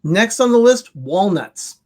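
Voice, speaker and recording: A man's voice: high voice, sing-song, slow pace. A man co-hosting a casual livestream chat, reading out the list and viewer comments with an upbeat manner.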